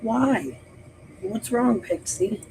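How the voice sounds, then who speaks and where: A woman's voice: a little high, expressive, drawn-out words, mellow, slight background noise, poor audio. Blunt, profane woman hosting a livestream. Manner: blunt, profane, addresses chat directly. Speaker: livestream host. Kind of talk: casual livestream chat.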